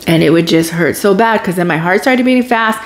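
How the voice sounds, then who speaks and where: A woman's voice: on the low side, brisk. A woman vlogger telling her own story in a casual, emotional way, with sighs and groans as she relives it.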